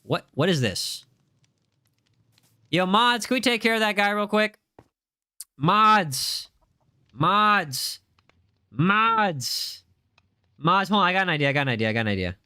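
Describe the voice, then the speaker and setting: A young man hosts a casual livestream, joking and bickering with his chat. His voice is bright and sits a little high for a man. The sound is close and dry, with no room around it. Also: very animated, a little slow, long pauses, clean tone, no room sound. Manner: playful, defensive banter with chat. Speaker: livestream host.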